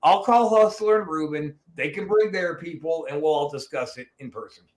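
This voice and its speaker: Man, podcast host, brash trash talk, profane banter, slightly high voice. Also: normal speed.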